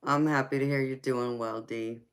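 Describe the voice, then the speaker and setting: A woman's voice: extremely low pitch, fairly even intonation, clear, resonant tone. A woman with a Georgia Southern accent who hosts a late-night live tarot stream, chatting easily with viewers, calling them honey and baby and laughing often. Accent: Southern American (Georgia). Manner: laid-back, slow drawl, laughs often, calls viewers honey and baby. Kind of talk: casual live-chat reading out viewer comments.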